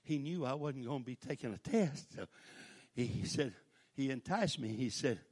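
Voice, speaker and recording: An older man, preaching a folksy storytelling sermon that breaks into shouted praise. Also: medium pitch, lively intonation, normal speed, husky.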